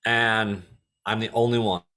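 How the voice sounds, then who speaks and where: A man, an improv performer, answering questions in a deadpan joking way over a video call. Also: lowish voice, unhurried. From Chicago area. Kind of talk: casual interview chat. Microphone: video call mic.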